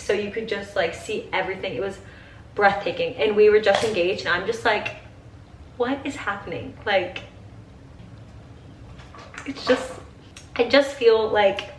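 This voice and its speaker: A woman's voice: medium pitch, fairly even intonation, moderate pace, pauses often, echoey room, recorded from a distance, a little hiss or hum. A young woman in her twenties chatting while getting ready, gushing and saying "like" constantly, teary at times. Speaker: vlogger. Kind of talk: get-ready-with-me chat.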